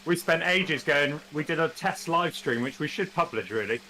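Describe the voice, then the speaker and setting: A man's voice: a little high, animated, normal speed, pushed and bright. A man hosting a live stream in casual chat, explaining plans and teasing his co-host in a wry way.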